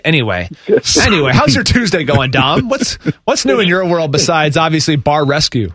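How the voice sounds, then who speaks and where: A man's voice: on the high side, dry recording, studio quality. A man co-hosting a sports radio show, ranting casually and emphatically. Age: adult with young children. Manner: animated, emphatic, quick rants.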